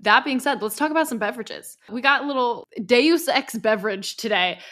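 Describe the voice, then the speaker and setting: A woman hosts a fan podcast in eager, gushing casual chat. Her voice sits slightly high, and she bubbles over with enthusiasm for the story. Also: expressive, fairly quick, fairly bright tone. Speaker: podcast host.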